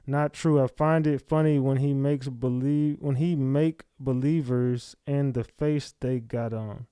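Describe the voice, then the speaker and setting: A man's voice: medium pitch, fairly even intonation, measured pace, warm tone, smooth, dry recording, clean studio sound. A man hosting a livestream, reading chat comments aloud and snapping back at viewers in blunt, profane casual talk. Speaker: livestream host.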